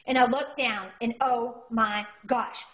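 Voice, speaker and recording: A woman, doing an animated, exaggerated stand-up comedy routine. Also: a little high, slow pace. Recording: dull lo-fi recording.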